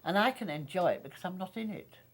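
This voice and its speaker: An older woman from Northern England, an actress, telling stories from her career in an animated conversation and laughing often. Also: lowish voice, quick pace. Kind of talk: reminiscing conversation.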